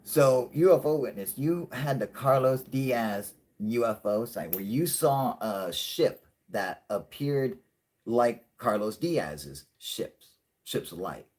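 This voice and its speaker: A man hosting a live stream, chatting casually and rambling with lots of swearing, saying he is high. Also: expressive, slow pace, a little mellow. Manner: profane, rambling, laughing often. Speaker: host.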